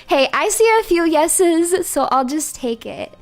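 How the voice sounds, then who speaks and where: High-voiced playful female streamer. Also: a little slow, hardly any pauses, soft background music. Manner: animated, playful, laughs often. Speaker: livestreamer. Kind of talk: casual chat.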